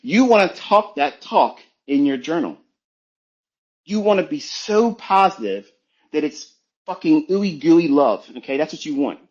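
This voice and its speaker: A man's voice: a little high, big pitch swings, unhurried, dull audio. A man giving a blunt, profane motivational talk as a trading mentor on a live audio stream.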